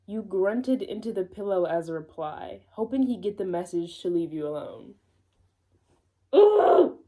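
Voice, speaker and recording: Woman, casual read-aloud, chatty self-mocking asides, mellow tone. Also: on the low side, normal speed. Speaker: host reading fan fiction aloud.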